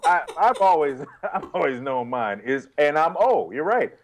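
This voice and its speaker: A man's voice: fairly high pitch, very animated, normal speed. A man co-hosting a casual podcast, joking and laughing about a TV episode. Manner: jokey, laughs a lot. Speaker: podcast co-host. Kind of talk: casual recap chat.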